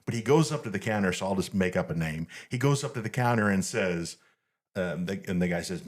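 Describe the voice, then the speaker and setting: A middle-aged man hosting a family podcast, telling anecdotes in an animated way and laughing at them. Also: low voice, brisk. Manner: animated storyteller, laughs at his own anecdotes. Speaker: podcast host. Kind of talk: casual family chat.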